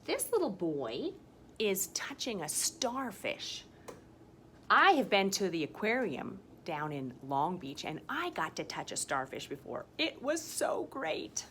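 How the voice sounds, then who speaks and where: A woman teaching a science lesson to young children, talking in a slow, sing-song teacher voice full of exaggerated enthusiasm. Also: medium pitch, wildly swooping pitch, fairly bright tone, a little hiss or hum. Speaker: kindergarten teacher. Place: school campus, partly outdoors.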